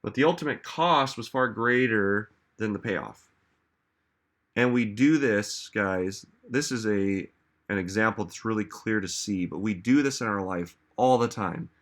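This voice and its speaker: Male motivational speaker, slightly low voice, relaxed talk that turns emphatic with questions to the audience. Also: unhurried. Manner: conversational, frequent "like" and "right?". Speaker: self-help speaker.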